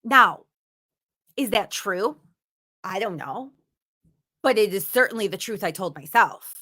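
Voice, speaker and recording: A woman's voice: mid-range voice, lively intonation, measured pace, pushed and bright. A woman giving a motivational teaching talk, speaking emphatically and repeating words for stress. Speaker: instructor.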